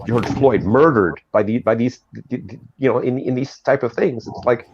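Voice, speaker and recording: A man's voice: mid-range voice, moderate pace, dull audio, background noise. A man hosting a casual video call chat, ranting with sarcasm and mocking voices. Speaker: host.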